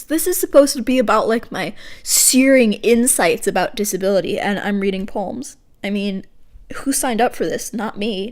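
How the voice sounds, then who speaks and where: A woman's voice: mid-range voice, darkish tone. A woman hosting her podcast, reading her own poetry aloud with awkward, self-deprecating asides. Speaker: podcast host.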